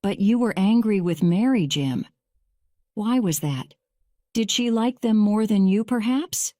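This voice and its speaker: A woman voicing a calm male lawyer questioning a witness, read slowly and evenly. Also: mid-range voice, no echo, studio quality, lightly acted. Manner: measured, slow graded-reader delivery.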